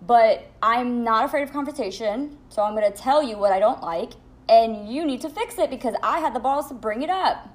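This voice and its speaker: A young woman telling a storytime vlog at home in a blunt, profane, animated way. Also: a little high, normal speed. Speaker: vlogger. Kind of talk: storytime monologue.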